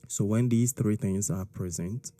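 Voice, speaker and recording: A man's voice: on the low side, a little slow, warm tone, dry recording, soft background music. A man explaining a science lesson step by step, checking in often with "all right?" and "okay?". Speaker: science teacher.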